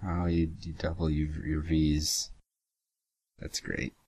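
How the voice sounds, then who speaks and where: A young man with a very low voice talks sarcastically through a reaction video. He swears casually and stumbles as he reads lines aloud. The sound is dry and close, with no room around it. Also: monotone, takes it slowly, a little mellow, breathy edge, no room sound.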